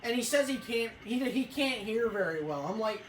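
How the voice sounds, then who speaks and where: Lively, rambling gamer telling a story. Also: female voice, fairly high pitch, moderate pace, hardly any pauses. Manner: swears a lot, rambling, excitable outbursts. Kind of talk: casual let's-play storytelling. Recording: echoey room, faint music.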